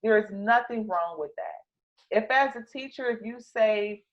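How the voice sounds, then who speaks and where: A woman's voice: a little high, unhurried, muffled recording. A woman explaining classroom teaching methods to other educators, in a chatty way with many fillers and restarts. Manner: conversational, many fillers and restarts, repeats key words. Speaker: teacher trainer. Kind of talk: instructional talk.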